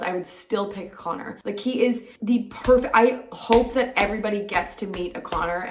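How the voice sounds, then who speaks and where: A woman's voice: medium pitch, roomy sound, slight background noise. A young adult woman vlogger telling a personal story to camera in a gushing, emotional way, full of "like" and "literally". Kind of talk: casual story time to camera.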